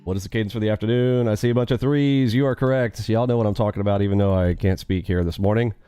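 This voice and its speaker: A man's voice: on the low side, steady tone, fast, dark tone, clear, resonant tone, dry recording, soft background music. A man live-streaming his day trading, upbeat and quizzing his viewers with catchphrases.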